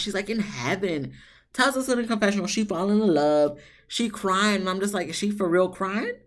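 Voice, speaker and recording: Blunt sassy tv recap host, cusses a lot, voice shoots way up when fed up. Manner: blunt, sassy, swears freely; jumps into high exasperated tones. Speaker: TV show reviewer, channel host. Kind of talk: casual recap commentary.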